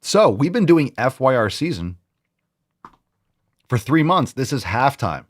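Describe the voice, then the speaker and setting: Lively, profane fitness host man. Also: mid-range voice, measured pace. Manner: profane, joking, animated. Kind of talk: casual vlog monologue.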